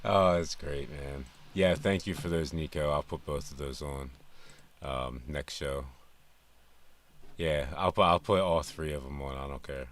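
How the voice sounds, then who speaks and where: A man speaks casually to his viewers in an extremely deep, low voice, relaxed and halting as he thanks commenters between clips. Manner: relaxed, halting, with many fillers. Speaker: reaction video host.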